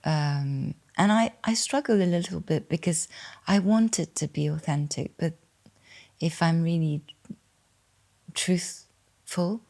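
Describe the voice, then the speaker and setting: A French woman in her fifties speaks English with a refined, posh English accent. Her voice sits very low and carries a gravelly fry. She talks slowly and softly, with hesitant pauses. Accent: posh English with slight French. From France. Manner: soft, hesitant, many pauses. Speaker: guest. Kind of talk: reflective interview answers.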